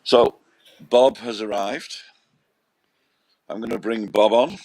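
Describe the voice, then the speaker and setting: Low gravelly guy hosting a live chat, dry close mic, jokey. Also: slow, a little mellow, no room sound. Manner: jokey, reads viewer comments aloud. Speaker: live show host. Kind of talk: casual live-stream chat. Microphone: podcast mic close up.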